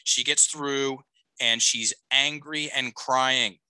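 A man's voice: mid-range voice, fairly even intonation, slow, bright, forceful tone, smooth, dry recording, poor audio. A middle-aged man, a life coach, telling a long story on a podcast, restarting sentences and checking in with "okay?". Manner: rambling, self-correcting, frequent "okay?" check-ins.

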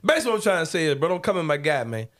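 A man from Memphis with a Memphis accent, hosting a podcast in casual, animated, joking talk that runs into rants. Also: a little high, rapid-fire. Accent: Memphis, Southern US. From Memphis, Tennessee. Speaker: podcast host. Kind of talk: casual chat.

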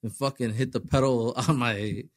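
A man recounts a band story in relaxed chat, slipping between English and Spanish and swearing freely. His voice sits at an average pitch. The sound is dry and close. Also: moderate pace, no echo. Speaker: band member.

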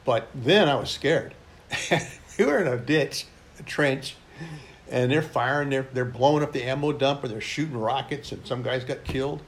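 An older veteran, mid-pitched, tells his service stories in a loose, rambling way, often restarting his sentences. He talks bluntly and plainly. A faint hiss sits under the recording. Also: moderate pace. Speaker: military veteran interviewee. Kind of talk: oral history storytelling.

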